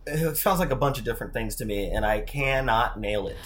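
A man's voice: mid-range voice, brisk, a bit bright. Playful man chatting as a podcast guest. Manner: playful, rambling, self-mocking. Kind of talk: casual chat.

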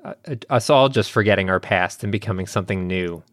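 A male podcast host with a middle-pitched voice, speaking in a measured and sincere way. The recording is dry and close, with no room echo. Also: a bit bright. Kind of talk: read announcement, then casual chat.

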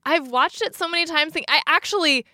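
A woman co-hosting a podcast speaks in a high, bright voice, full of likes and the odd swear word. The sound is dry and close, with no room around it. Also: fairly quick, no room sound. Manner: frank, swears casually, many fillers. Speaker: podcast co-host. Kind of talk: casual chat.

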